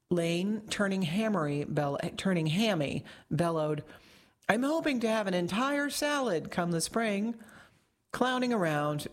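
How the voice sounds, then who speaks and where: In this scripted narration, a woman with a voice pitched a bit low for a woman reads out a long magazine article. Her reading stays measured and articulate throughout.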